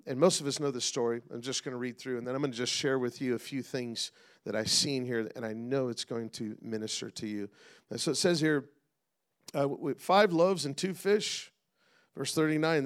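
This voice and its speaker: Preaching a sermon, a middle-aged pastor calls out to his congregation, his delivery swinging between loud and hushed. His voice is mid-range.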